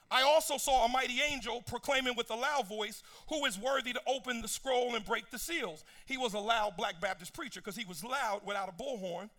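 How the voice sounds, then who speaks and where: High bright-voiced preacher, sung and soft. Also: male voice. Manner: walks through scripture, swings from soft to sung and shouted; casual asides to the congregation. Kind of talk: sermon.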